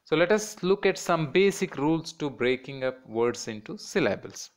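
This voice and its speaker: A man's voice: on the high side, expressive, normal speed. A man teaching a children's class in Indian English, patiently repeating words and breaking them into syllables.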